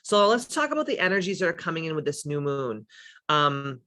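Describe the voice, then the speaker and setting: A woman's voice: low voice, big pitch swings, a little fast, fairly bright tone. A woman hosting a casual livestream who talks in an emphatic, candid way, swears freely and reads out viewers' comments. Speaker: livestream host and spiritual coach.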